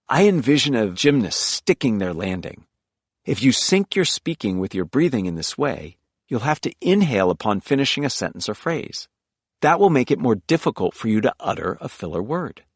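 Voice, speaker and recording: A man with a medium-pitched voice narrates a scripted self-help audiobook in a dry recording. In an instructive tone, he coaches the listener through speaking exercises.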